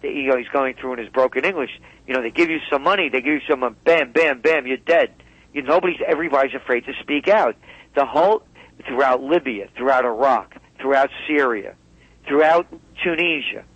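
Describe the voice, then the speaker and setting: A man's voice: on the high side, fairly bright tone, no room sound. A man speaking as a guest in a radio interview, emphatic and heated as he tells a story. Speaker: guest commentator. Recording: dull dry phone line.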